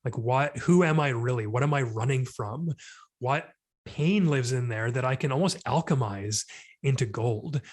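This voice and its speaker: A man opens up as a podcast guest, his voice sitting at an ordinary middle pitch. He talks earnestly and thinks aloud, and he keeps leaning on "like" as he gropes for his words. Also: normal speed. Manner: earnest, introspective, many filler "like"s. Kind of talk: reflective conversation.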